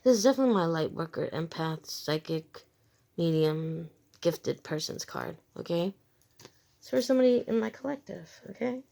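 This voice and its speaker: A woman's voice: fairly low pitch, animated, moderate pace, creaky, warm tone. A woman giving a casual tarot reading to her viewers, frank and emphatic, swearing freely and repeating short phrases as she talks. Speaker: tarot reader.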